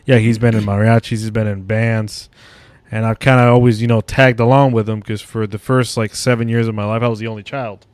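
A man's voice: fairly low pitch, little pitch movement, a little fast, clear, resonant tone, no echo. A young man from Mexico hosting a podcast, chatting casually, swearing a lot and laughing often. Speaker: podcast host. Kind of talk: casual chat.

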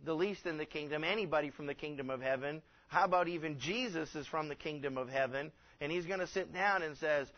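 Guy pastor giving a sermon, kinda high voice, earnest, lots of and-and restarts. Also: highs cut off. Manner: earnest, rising to emphatic when quoting scripture; fillers and repeated restarts.

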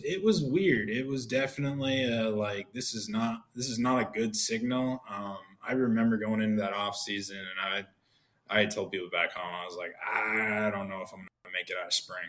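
This podcast guest, a former pro pitcher in his thirties, has a lowish voice and talks at a normal speed. Telling stories casually and animatedly, he acts out what the people in them said.

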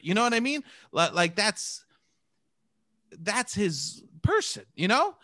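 A man's voice: high-pitched, sing-song, slow pace, long pauses, sharp tone, no echo, studio quality. A man with a thick New York accent, hosting a playful, self-mocking casual chat. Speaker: host.

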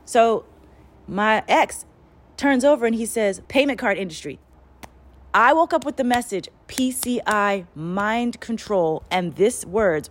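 A woman's voice: medium pitch, normal speed. Profane, rambling woman channeler. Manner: profane, rambling, animated storytelling. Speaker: spiritual channeler. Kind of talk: casual spiritual monologue.

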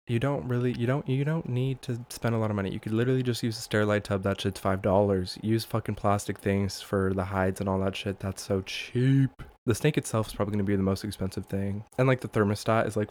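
A man's voice: lowish voice, darkish tone. A man hosting a casual solo podcast, rambling, swearing and laughing often, with many fillers. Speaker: podcast host.

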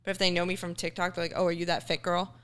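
A woman's voice: on the low side, flat delivery, racing, a bit bright, clear, resonant tone. A young woman, a fitness influencer, chatting candidly and casually on a podcast. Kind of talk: casual chat.

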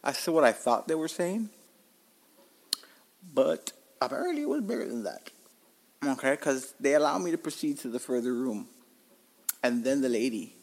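Male podcast host, 30s, mid pitch, casual, profane, animated storyteller. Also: moderate pace, long pauses. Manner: profane, animated, tells stories with acted-out quotes.

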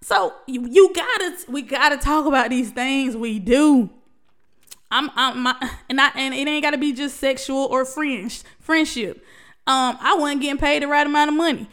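A woman's voice: sits high, normal speed, a bit bright. A woman giving an emotional, preachy motivational talk to her viewers, calling them baby and y'all as she urges them to open up. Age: adult, past college. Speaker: vlogger. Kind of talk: heartfelt motivational talk to camera.

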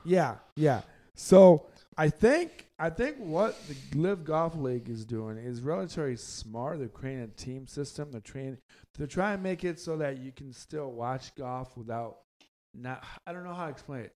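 Man, podcast host, casual sports chat, joking, rambling, mid-pitched voice. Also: expressive, moderate pace, dark tone.

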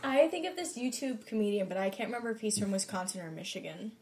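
A woman's voice: medium pitch, lively intonation, fast, darkish tone, slightly rough. A young woman co-hosting a casual podcast in an easygoing, chatty way. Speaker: podcast co-host. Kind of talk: casual chat.

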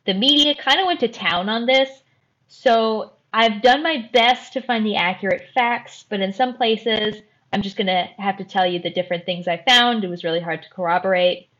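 A woman's voice: medium pitch, fairly bright tone. Woman narrating true crime, dull sound. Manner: careful, measured storytelling. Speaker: host.

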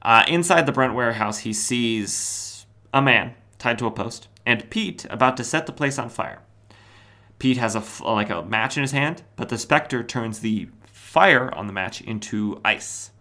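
A podcast host casually retelling an old comic book story, with wry asides and quick mock voices for the characters. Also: male voice, mid-range voice, expressive, pushed and bright.

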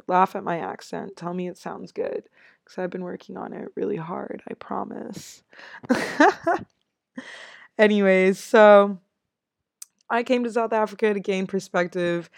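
This young woman from the United States hosts a casual solo podcast, upbeat and laughing often. She has a mid-range voice with vocal fry, recorded with no room sound.

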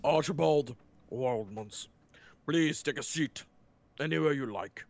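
A man voicing a wealthy, heavyset older lord who speaks in a slow, grand, welcoming way. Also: a little high, gravelly, no echo. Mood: gracious.

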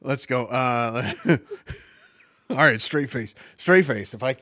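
A man's voice: mid-range voice, expressive, slow, bright, forceful tone, no echo, studio quality. A man hosting a casual podcast, rambling and swearing, often breaking into giggles. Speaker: podcast host. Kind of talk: casual chat.

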